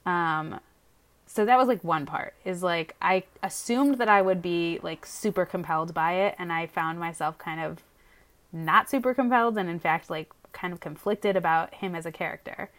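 Woman, casual podcast co-host, frank and rambling, a bit low in pitch. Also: moderate pace, fairly bright tone. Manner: hedging, filler-heavy, frank. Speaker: podcast co-host reviewing a TV show. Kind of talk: casual chat.

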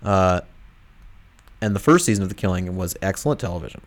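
A man's voice: low voice, animated, a little fast. A man co-hosting a podcast in casual chat, rambling and hesitant with a dry manner. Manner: rambling, hesitant, many fillers and restarts, dry. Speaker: podcast co-host.

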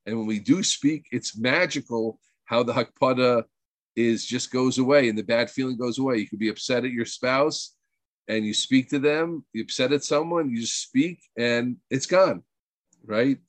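Speaking at a medium pitch and moderate pace in a dry recording, a man teaches a weekly group. It's an informal spiritual talk, delivered earnestly and emphatically, full of restarts, rambling, and Hebrew words.

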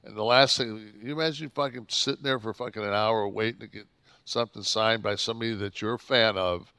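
A man in his sixties co-hosting a podcast, telling stories, swearing constantly and acting out his own shouting. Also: lowish voice, steady tone, a little fast, smooth, dry recording. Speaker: podcast co-host. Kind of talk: profane storytelling chat.

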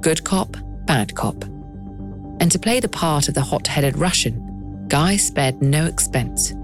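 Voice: mid-range voice, lively intonation, slow. Dramatic documentary narrator over music. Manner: dramatic, rhetorical questions. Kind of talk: scripted narration.

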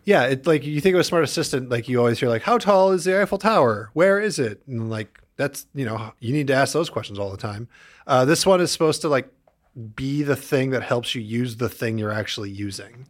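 A man's voice: mid-range voice, a little fast. A man co-hosting a casual tech podcast, rambling through many fillers with a wry tone. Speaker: podcast co-host.

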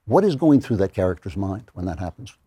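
A middle-aged man hosting a conversational interview, animated, with stammering restarts. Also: deep voice, fairly quick, slightly rough, no room sound. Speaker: interview host.

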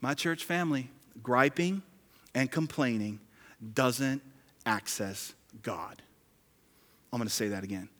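A male pastor preaching a sermon emphatically, swinging from loud exclamations to hushed whispers. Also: mid-range voice, unhurried, long pauses. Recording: long reverb of a large hall.

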